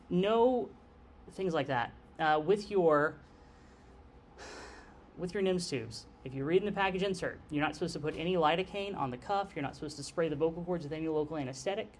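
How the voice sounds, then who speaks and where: A man's voice: on the high side, darkish tone, a little hiss or hum. A man giving a lecture on airway anesthesia in a conversational way, often checking in with the class by asking "okay?". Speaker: nurse anesthesia instructor.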